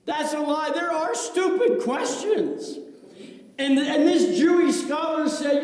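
A male pastor preaching with a high, lively voice that climbs and drops dramatically. He takes his time, swinging between big exclamations and hushed lines. The sound rings through a big echoey church with long reverb. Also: takes it slowly. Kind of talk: sermon. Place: church sanctuary.

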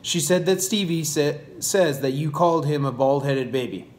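A man reading aloud, voicing a quiet, withdrawn preacher father in a soft, subdued way. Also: on the high side, moderate pace, natural voice.

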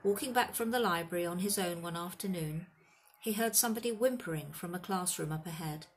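A woman narrating a children's fantasy book in a steady, expressive reading voice. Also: lowish voice, a little fast, slight background noise. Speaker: audiobook reader. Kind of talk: storybook narration.

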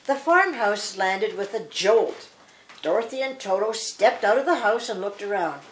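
Grandmotherly woman reading aloud. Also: medium pitch. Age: older. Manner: slow, expressive read-aloud for children. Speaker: storybook reader. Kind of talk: reading a picture book aloud.

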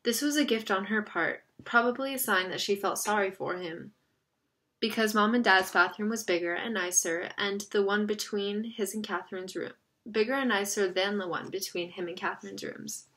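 Woman narrator, audiobook reading, bright crisp tone, steady and expressive. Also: medium pitch, normal speed.

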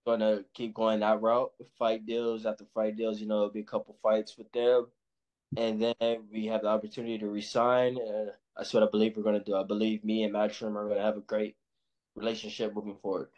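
A man's voice: on the low side, monotone, a little fast, a little mellow. Laid-back young man from Los Angeles. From Los Angeles, USA. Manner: laid-back, slangy, rambling. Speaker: pro boxer guest. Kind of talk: casual interview chat. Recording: muffled lo-fi sound.

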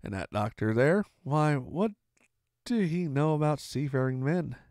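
A feeble old sea captain , as a man reads him aloud, drawls in slow, gruff sailor talk and pleads for drink. The gravelly voice rolls up and down. The sound is dry and close. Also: a little high, animated, a little mellow, no room sound. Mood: grumbling. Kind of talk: audiobook reading.

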